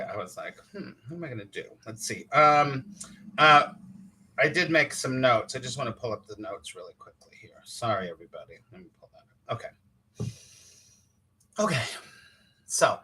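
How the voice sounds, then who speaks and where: A man's voice: mid-range voice, bright, forceful tone, slightly rough. A man, a spiritual teacher hosting a casual live-streamed morning talk, chatty and playful, laughing often and greeting viewers by name.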